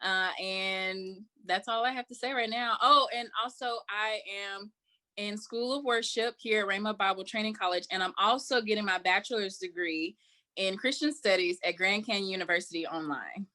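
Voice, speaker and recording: Cheerful bright young woman. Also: mid-range voice, normal speed. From Mississippi, US. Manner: cheerful, chatty. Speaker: panel guest. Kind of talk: casual self-introduction.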